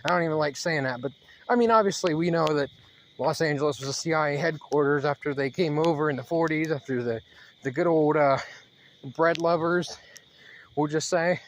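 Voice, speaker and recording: Man, higher-pitched, ranting to camera on a fast walk outside, a bit winded, rambling with lots of fillers, faint crickets behind. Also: a little hiss or hum. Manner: worked-up, rambling, halting with many fillers. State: slightly out of breath from fast walking. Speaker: channel host. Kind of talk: rambling monologue vlog. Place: outdoors, walking.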